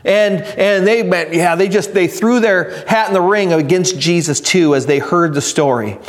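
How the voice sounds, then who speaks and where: A man preaching a sermon, reading scripture slowly and building to emphatic, raised delivery. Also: high-pitched. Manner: reads scripture slowly and deliberately. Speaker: pastor.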